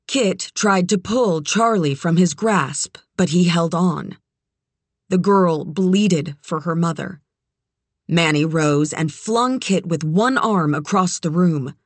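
An audiobook narrator reading a tense thriller passage in a measured, even storytelling voice. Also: mid-range voice, no echo. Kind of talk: scripted narration.

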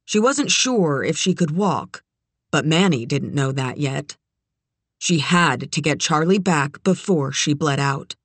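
An audiobook narrator reads a thriller passage in a measured storytelling voice. The pace is slow and unhurried, and the recording sounds close and dry, with no room echo. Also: medium pitch, expressive, a bit bright, breathy edge. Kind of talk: scripted narration.

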